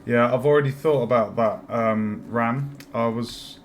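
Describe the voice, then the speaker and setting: A man's voice: mid-range voice, a little slow. Man thinking aloud while streaming game dev. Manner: thinking aloud, hesitant fillers, chatty with viewers. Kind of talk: casual live-stream commentary while working. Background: faint music and keyboard typing.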